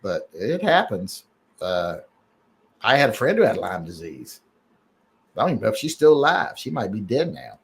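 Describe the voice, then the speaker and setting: A man's voice: fairly low pitch, wildly swooping pitch, moderate pace, gravelly, pauses often. Rambling man hosting a live chat. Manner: rambling, joking, many fillers and restarts. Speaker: host reading emails and live chat. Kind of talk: casual live-stream chat.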